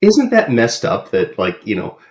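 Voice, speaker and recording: A man on a horror podcast interrupts his co-host with thoughtful asides. His voice is mid-pitched, and he talks in a relaxed, conversational way. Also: moderate pace. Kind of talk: casual podcast banter.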